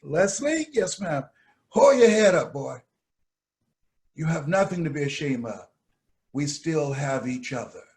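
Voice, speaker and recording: A man's voice: on the high side, expressive, moderate pace, darkish tone, close to an everyday voice. A man voicing his elderly mother, firm and loving, who scolds and then reassures her grown son.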